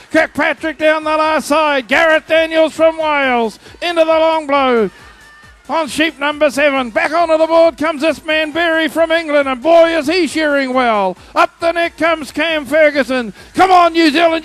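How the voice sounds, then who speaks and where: A man calls a shearing final live, rousing the crowd behind the competitors. His voice sits very high and stays level in pitch, with faint music behind him. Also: fairly even intonation, measured pace, fairly bright tone. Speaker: shearing commentator. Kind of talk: live sports commentary.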